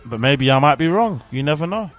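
A man's voice: on the high side, animated, a little fast, fairly bright tone, soft background music. A young man, casually reacting to a livestreamed show, candid and slangy and swearing freely. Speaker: podcast host. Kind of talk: casual live reaction commentary.

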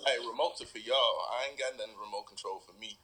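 A man's voice: medium pitch, quick pace, crowd noise, poor audio. A man as a guest on a casual podcast, laid-back and joking, dodging personal questions.

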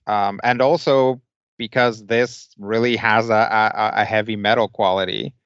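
Low-voiced man, measured podcast talk. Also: steady tone, fairly bright tone, clean tone, no echo. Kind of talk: casual podcast discussion. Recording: slightly dull lo-fi sound.

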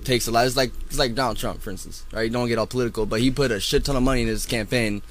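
A man's voice: medium pitch, fairly even intonation, racing. Casual man reasoning aloud. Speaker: podcast co-host. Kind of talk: casual podcast chat.

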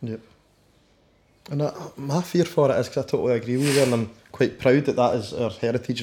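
A man hosting a casual interview, agreeable and quick with short replies. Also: medium pitch, mellow. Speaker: host.

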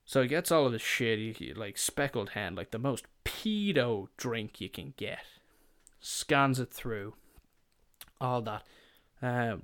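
A man's voice: mid-range voice, fairly bright tone, smooth, no room sound, clean studio sound. Rambling profane guy telling stories. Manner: rambling, profane, self-mocking. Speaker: podcast host. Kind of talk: casual storytelling.

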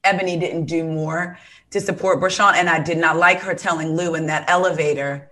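A woman's voice: lowish voice, steady tone, brisk, sharp tone. A woman co-hosting a casual chat, making emphatic points and chiming in with short agreements. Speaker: podcast co-host.

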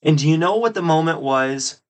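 A man hosting his own podcast, giving solo political commentary with emphatic, drawn-out stresses on key words. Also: a little high, expressive. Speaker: podcast host.

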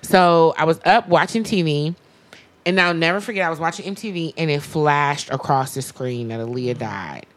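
A woman in her thirties co-hosting a podcast in an easy, casual chat. She talks in an animated, emphatic way, with a very low voice. She swears freely. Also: normal speed. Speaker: podcast co-host.

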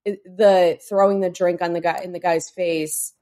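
A woman's voice: fairly low pitch, steady tone, normal speed, warm tone. A woman, co-hosting a casual TV recap podcast, chatty and swearing freely, with lots of "like" and "um". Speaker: podcast co-host.

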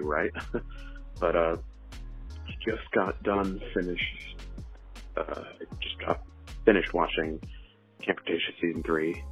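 A caller leaves a chatty, rambling voicemail review packed with fillers, his low voice carrying a breathy edge. The phone audio is dull and muffled, with faint music in the background.

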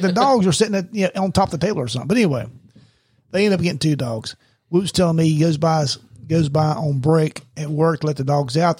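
A man's voice: on the high side, breathy edge, no echo, clean studio sound. A middle-aged man, a retired police sergeant, telling stories in casual podcast chat, acting out quotes and laughing often. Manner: animated storyteller, acts out quotes, laughs often.

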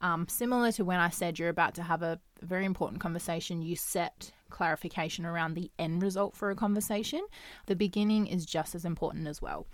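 A young adult woman hosting a casual solo podcast, talking in a chatty, animated way, acting out quoted dialogue and laughing often. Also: lowish voice, fast, no room sound. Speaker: podcast host.

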